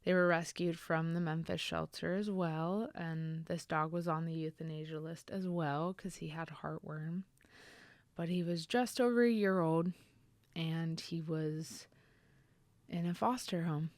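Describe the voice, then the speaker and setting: A woman hosting a podcast, telling a personal story in an earnest, reflective way, pausing on fillers and dropping to a near-whisper at sad points. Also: deep voice, fairly even intonation, no room sound. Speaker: podcast host.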